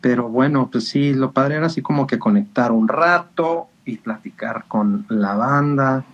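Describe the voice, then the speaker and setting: A man's voice: mid-range voice, normal speed, lo-fi sound. A man hosting his own livestream, chatting casually and joking around with a guest. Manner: playful, jokey banter. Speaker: livestream host.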